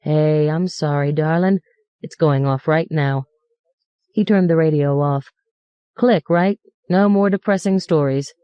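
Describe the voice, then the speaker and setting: A woman's voice: low-pitched, unhurried, clear, resonant tone, no room sound, lo-fi sound. A woman reading the part of a sarcastic, foul-mouthed male cab driver who rants in mock-polite tones. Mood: gentle. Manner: mocking, ranting, mock-polite.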